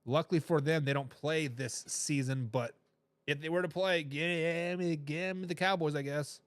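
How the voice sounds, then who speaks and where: Man, sports talk host, high-pitched, emphatic, repeats himself for effect, dry close sound. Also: moderate pace, fairly bright tone, no room sound. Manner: reads viewer comments aloud with a laugh. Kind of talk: live sports talk show.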